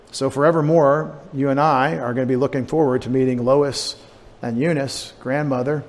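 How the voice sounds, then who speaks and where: A pastor giving a conversational, digressive sermon, with asides and restarts. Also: male voice, mid-range voice. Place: church sanctuary. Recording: long church reverb, faint room noise.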